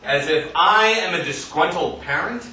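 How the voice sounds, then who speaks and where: A man doing a deadpan stand-up comedy set in front of a live audience, acting out other voices. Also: a little high, normal speed. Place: comedy stage in an arts center, live audience. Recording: echoey venue recorded from a distance, noisy.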